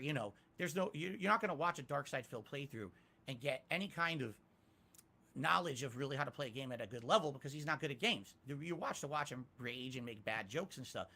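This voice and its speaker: Bright-voiced self-critical man. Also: on the high side, animated, brisk. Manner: self-critical, emphatic, rising to loud peaks. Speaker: interviewee, YouTuber. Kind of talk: candid interview answers.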